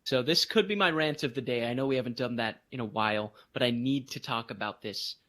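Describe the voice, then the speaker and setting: A man co-hosting a podcast, telling a story in casual chat and jumping into high voices for emphasis. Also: brisk. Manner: animated storytelling, voices others in bursts of high pitch. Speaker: podcast co-host.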